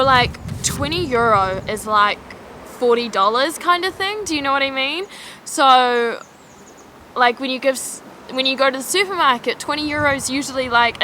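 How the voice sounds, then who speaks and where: A woman's voice: a little high, bright, forceful tone, slight background noise. A young woman from New Zealand chatting casually to camera as a vlogger, filling nearly every phrase with "like". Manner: chatty, fills with "like" constantly. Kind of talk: casual vlog chat.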